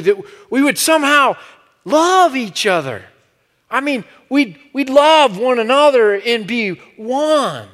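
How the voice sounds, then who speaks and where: A preacher imitating a slow, resonant old man. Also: very high-pitched, fairly bright tone, big-room sound, voice pushed up. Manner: slow, resonant, halting cadence. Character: elderly man, earnest, gentle, speaks slowly with a cadence.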